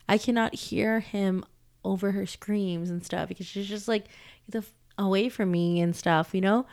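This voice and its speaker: A young woman telling a story to her vlog audience, swearing often and filling her talk with "like", getting heated as she rants. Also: mid-range voice. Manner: animated ranting with frequent swearing and "like". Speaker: vlogger.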